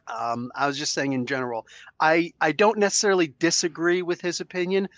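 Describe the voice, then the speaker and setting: Animated, high-voiced man ranting on a podcast. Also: brisk, dry recording. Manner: animated ranting, does impressions. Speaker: podcast co-host. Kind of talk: casual podcast chat.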